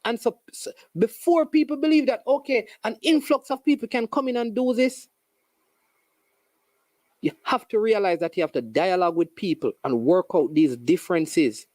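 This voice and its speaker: A host with a Jamaican accent giving an animated, sarcastic casual commentary monologue with local phrases. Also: medium pitch, normal speed, no room sound.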